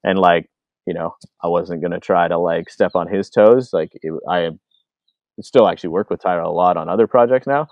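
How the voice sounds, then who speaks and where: A Canadian filmmaker telling stories in a casual interview, acting out other people's lines, with lots of fillers. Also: male voice, deep voice, normal speed, dry recording, muffled recording. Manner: animated, acts out quoted voices, many fillers. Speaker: filmmaker guest. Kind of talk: casual storytelling.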